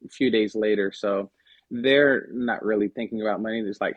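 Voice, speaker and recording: A man's voice: lowish voice, fairly even intonation, normal speed, no echo, highs cut off. A man talking through money personality types on a personal finance podcast, casual and conversational, with frequent fillers and restarts. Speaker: podcast guest. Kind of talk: casual explanatory podcast talk.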